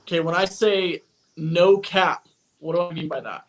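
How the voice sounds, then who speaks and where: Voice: medium pitch, slight background noise. A guest from the United States joking around in a casual livestream chat. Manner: laughing, slow drawling banter.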